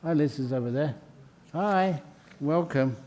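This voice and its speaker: A man leads a ceremony, calling out names one by one and chatting with each person he welcomes. His delivery is slow and unhurried, and his voice has a dark, mellow tone. He often laughs lightly between names. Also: fairly high pitch, slight background noise. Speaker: monk leading a ceremony. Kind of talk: reading names and welcoming new members. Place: meditation hall.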